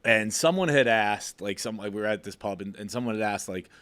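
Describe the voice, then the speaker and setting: A man's voice: on the low side, brisk, a bit bright, clean tone, dry recording. A man telling a story in casual podcast chat, rambling, restarting his sentences and laughing often.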